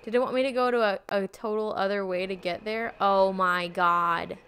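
A woman's voice: mid-range voice, steady tone, normal speed, a bit bright, clear, resonant tone. A woman giving casual, chatty let's-play commentary while streaming a game, exclaiming and joking at herself. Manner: chatty, exclaiming, self-deprecating.

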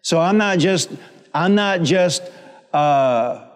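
A man's voice: fairly high pitch, lively intonation, slow pace, clean tone. A middle-aged man, a pastor, preaching a sermon with humor and repetition and calling on the congregation to answer back. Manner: preaching with humor and repetition, calls for audience responses. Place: church sanctuary. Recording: long church hall reverb.

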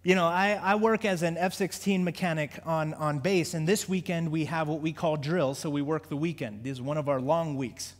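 A man preaches in a church, his voice sitting unusually high for a man. He talks conversationally, stumbling and restarting words, then climbs into fervent prayer. Long reverb trails off every phrase in the sanctuary. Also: fairly even intonation, moderate pace, few pauses. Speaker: pastor. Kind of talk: sermon.

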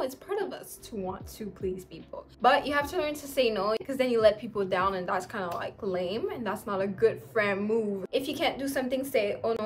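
A woman vlogger giving friendship advice in a chatty, sassy way, speaking in a put-on accent. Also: medium pitch. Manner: chatty and sassy, addresses viewers as "guys". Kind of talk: casual advice vlog.

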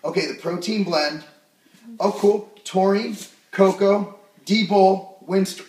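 A young man with a fairly high voice hosts a goofy supplement review at home, full of jokes and sudden loud bursts. He sounds set back from the mic in a roomy space with a faint hiss behind him. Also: expressive, slow, distant mic. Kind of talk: jokey product review vlog.

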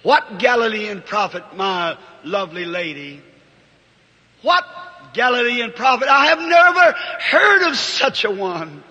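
A man's voice: sits high, sing-song, unhurried, pushed and bright, heavily acted. A man preaching voices an old blind beggar who pleads humbly and courteously. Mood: pleading. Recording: reverberant old hall recording.

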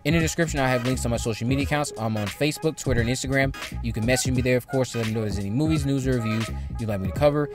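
A man's voice: medium pitch, very fast, over music. Man giving opinionated movie commentary. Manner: opinionated, repeats points, rambling.

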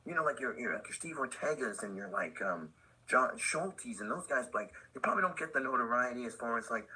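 A middle-aged man, a veteran pro skater, telling rambling animated stories as a podcast guest. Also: medium pitch, fairly quick, breathy edge, poor audio. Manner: rambling, animated, full of "like" and laughs. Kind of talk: casual storytelling in a podcast interview.

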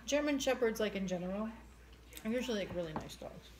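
A woman's voice: medium pitch, lively intonation, quick pace. A woman co-hosting a casual livestream, chatting with viewers and giggling through her stories. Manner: giggly, playful, squeals quoted lines. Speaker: livestream co-host.

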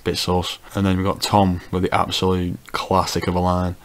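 This man has a very low, deep voice. He delivers a casual comedic commentary as a YouTuber, talking wryly and teasing as he goes. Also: completely flat delivery, normal speed, slight background noise. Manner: wry, teasing remarks.

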